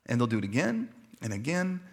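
Pastor guy preaching, repeats stuff for emphasis, chatty asides, middle pitch. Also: very animated, a little fast, husky. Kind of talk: sermon.

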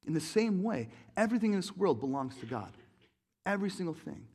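Animated pastor man preaching. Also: sits high, fairly quick, husky. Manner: animated, acts out quoted voices, jokes with the congregation. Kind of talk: sermon. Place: church.

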